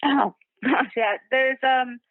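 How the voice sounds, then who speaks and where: A woman caller with a fairly high, bright voice talks slowly. The sound is dry. Her replies are brief and grateful and often break into laughter. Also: steady tone, dry recording, narrow, tinny audio.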